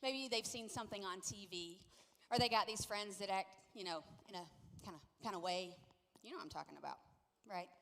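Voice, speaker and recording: A woman's voice: mid-range voice, a little fast. A middle-aged woman pastor preaching a sermon, telling stories and playfully acting out what people said. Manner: lively storytelling, playfully acting out quotes. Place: church sanctuary. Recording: long echo of a large church hall.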